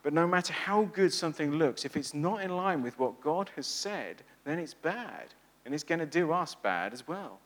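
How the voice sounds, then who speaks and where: A man preaching a sermon, animated and asking his listeners rhetorical questions. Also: fairly high pitch, moderate pace.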